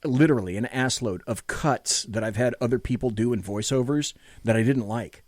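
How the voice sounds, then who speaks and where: A man hosting a late-night talk show, talking casually and excitably, rambling through stories with frequent cursing. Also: medium pitch, normal speed, no echo.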